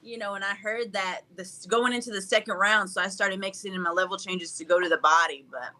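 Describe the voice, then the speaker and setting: A young woman with a bright, forward voice talks casually as an interview guest. She sounds upbeat and goofy, laughing easily as she goes. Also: mid-range voice, steady tone, brisk. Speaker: guest fighter.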